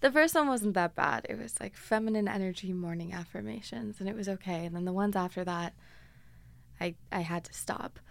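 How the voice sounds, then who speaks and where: A young woman talking through her podcast in a casual, confiding way, poking fun at herself. Her voice has a gravelly fry at the ends of phrases. The sound is close and dry, with no room around it. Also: medium pitch, fairly quick, dry recording. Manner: chatty, self-deprecating, confiding. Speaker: podcast host. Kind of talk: casual podcast monologue with read ads.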